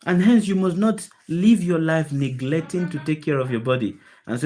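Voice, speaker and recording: Here a woman teaches spirituality to a group on a video call in a low, warm voice carrying a faint hiss or hum. She's animated and fairly quick, barely pausing, and she presses her points with emphasis, many rhetorical questions, and repeated key phrases.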